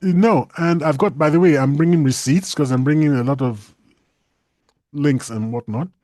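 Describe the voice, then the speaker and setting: Chatty podcast guy, kinda high voice, laughs a lot, trips over his words. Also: normal speed, no echo, clean studio sound. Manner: chatty, animated, laughs often, stumbles and restarts. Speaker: co-host. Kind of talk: casual podcast discussion.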